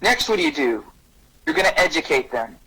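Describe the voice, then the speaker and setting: A man giving an energetic parenting talk on bullying who acts out short dialogues in a raised voice. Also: brisk, slightly rough, rough recording. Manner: energetic, acts out little dialogues with rising pitch. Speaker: anti-bullying speaker and parenting coach.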